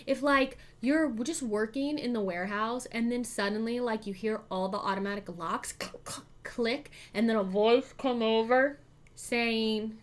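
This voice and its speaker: A woman's voice: a little high, moderate pace. A woman hosting a live board game stream, chatting, thinking aloud about her moves and thanking her chat. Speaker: streamer host.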